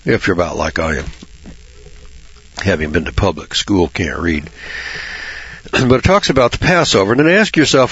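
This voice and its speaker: A man's voice: sits low, animated, moderate pace, long pauses, a bit bright, breathy edge, no echo. A man giving informal Bible commentary in a blunt, folksy way, swearing freely and mocking churchgoers with sarcastic asides. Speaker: Bible teacher. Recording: dull lo-fi recording.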